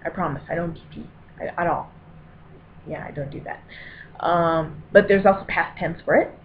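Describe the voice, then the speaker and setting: A woman's voice: fairly low pitch, normal speed, gravelly. A woman from Colorado with a Denver accent, chatting casually to camera as she reads an accent-tag word list and makes rambling, self-deprecating asides. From Colorado, USA. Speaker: vlogger doing an accent tag. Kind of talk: casual reading and chat to camera. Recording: very tinny, lo-fi with faint hiss.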